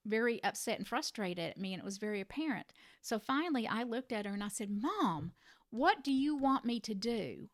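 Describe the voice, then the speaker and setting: A middle-aged woman who cared for a parent, telling a personal story to the camera in an earnest, reflective way with gentle emphasis. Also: medium pitch, gravelly, dry recording, clean studio sound. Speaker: family caregiver sharing advice.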